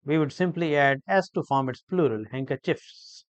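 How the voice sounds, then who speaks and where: A man teaching an English grammar lesson, explaining each word slowly and deliberately, with frequent hesitations and repeated phrases. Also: fairly high pitch, dry recording. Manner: slow, deliberate, repetitive explanation with many hesitations.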